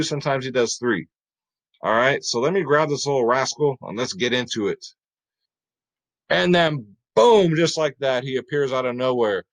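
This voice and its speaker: A man hosting a casual fantasy sports picks video, upbeat and chatty, talking straight to his viewers. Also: mid-range voice.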